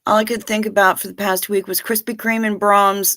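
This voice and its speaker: A woman's voice: medium pitch, flat delivery, fairly quick, few pauses, fairly bright tone. A woman hosting a livestream in a folksy, chatty way, greeting viewers by name and calling them honey. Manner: hums and sings little doo-doo fillers. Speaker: livestream host. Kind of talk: casual chat reading viewer comments.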